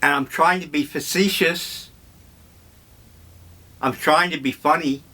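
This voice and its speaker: An older man reminiscing in a slow, rambling, wryly humorous monologue. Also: a little high, steady tone, sharp tone. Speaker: vlogger.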